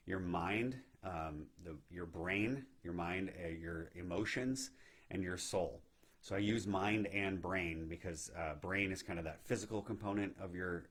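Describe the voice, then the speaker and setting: A man giving a gentle, reflective spiritual teaching talk on meditation, often checking in with "right?". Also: low-pitched, husky. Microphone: live video stream.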